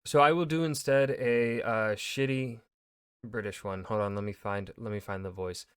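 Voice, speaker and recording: A man's voice: fairly low pitch, fairly even intonation, moderate pace, clear, resonant tone, dry recording, studio quality. Rambling man reacting with casual swearing. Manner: rambling, loose, swears freely. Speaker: historian reacting to a video.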